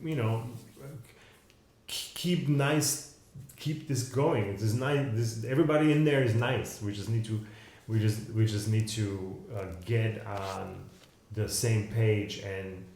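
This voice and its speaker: A man co-hosting a casual podcast conversation, telling a story in a halting, rambling way with many restarts. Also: lowish voice, a little mellow, reverberant, a little hiss or hum. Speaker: podcast co-host.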